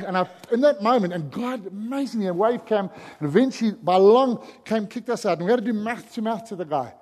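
A middle-aged man preaching a sermon, telling a story with animated energy and shouting in its excited stretches. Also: high voice, fairly quick. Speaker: pastor. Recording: long hall reverb.

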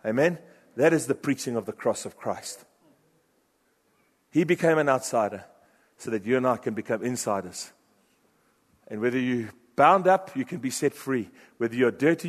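Impassioned male preacher in a reverberant hall. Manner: impassioned, swings from loud urgent bursts to hushed low phrases. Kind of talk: sermon. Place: church hall. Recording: long reverb of a large hall.

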